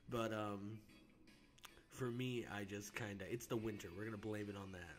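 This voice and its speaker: A man hosting a casual live stream from home, rambling and swearing freely, high on cannabis and clearing his throat often. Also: normal speed, faint music behind. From United States. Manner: rambling, profane, laid-back, frequent throat clearing.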